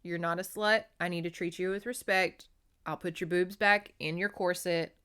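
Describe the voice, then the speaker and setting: A woman's voice: fairly low pitch, steady tone, moderate pace, a bit bright, smooth, close to an everyday voice. A woman voicing a flustered grown man from a romance novel, apologizing sheepishly.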